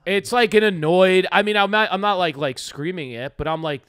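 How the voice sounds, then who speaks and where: A man's voice: high voice, normal speed, hardly any pauses, fairly bright tone, smooth, no room sound, studio quality. Chatty man rambling through a story. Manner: rambling, many fillers, acts out quoted lines. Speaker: podcast co-host telling a story. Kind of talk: casual comedy podcast storytelling.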